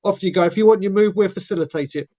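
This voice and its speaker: A man with a high voice delivers long, emphatic rants on a casual stream panel, acting out others' lines as he goes. His audio comes through muffled and lo-fi. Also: quick pace, mellow, soft background music. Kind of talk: casual live-stream football chat. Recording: dull, lo-fi sound.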